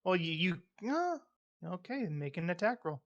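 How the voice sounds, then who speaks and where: A man's voice: sits high, big pitch swings, moderate pace, muffled recording. A man acting as dungeon master, narrating outcomes of a tabletop game and laughing often.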